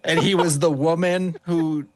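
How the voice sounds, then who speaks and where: A man guesting on a livestream, telling an animated story with laughter in his voice. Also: a little high, a little slow, no echo, clean studio sound. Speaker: show guest. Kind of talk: casual livestream chat.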